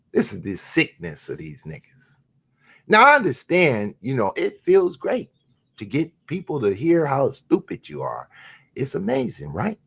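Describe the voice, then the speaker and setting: A man's voice: mid-range voice, gravelly, slightly rough. A man hosting his own show, delivering a crude, mocking, profane rant. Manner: crude, mocking, swings between shouts and mutters. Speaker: host. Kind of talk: profane ranting monologue.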